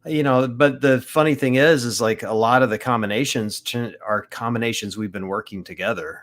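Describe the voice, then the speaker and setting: A man's voice: medium pitch, fairly quick, fairly bright tone. A man co-hosting a podcast, chatting casually and poking fun at himself. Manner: chatty, self-deprecating. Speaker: podcast co-host. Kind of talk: casual chat.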